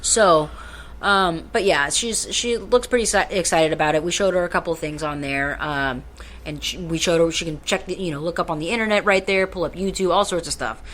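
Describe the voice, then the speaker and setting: A woman's voice: on the low side, brisk, a bit bright, slight background noise. A woman co-hosting a podcast in casual chat, rambling and swearing freely. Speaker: podcast co-host.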